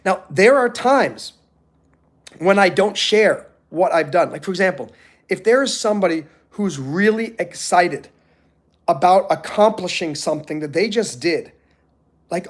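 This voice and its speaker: A middle-aged man on a motivational live stream, telling animated stories and acting out the people he quotes. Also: high-pitched, moderate pace.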